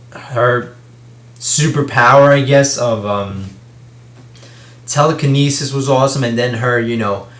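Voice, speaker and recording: Man, casual movie review, rambling, lots of filler words, swears a lot, roomy echo. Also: mid-range voice. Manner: rambling, full of "you know" and "um" fillers, frequent swearing. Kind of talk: casual spoken film review. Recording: echoey room.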